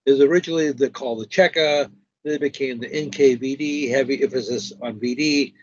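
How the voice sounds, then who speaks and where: A man's voice: mid-range voice, fast, highs cut off. A man hosting a stream, chatting casually and retelling a story with other people's words. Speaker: stream host. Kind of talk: casual conversation.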